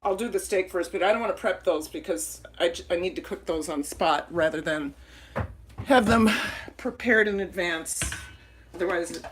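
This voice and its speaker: A woman from Minnesota hosting a casual live cooking stream from her small home kitchen, chatty, rambling and quick to apologize. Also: fairly low pitch, music in the background, rough recording. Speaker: cooking livestream host. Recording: kitchen clatter of dishes and pans.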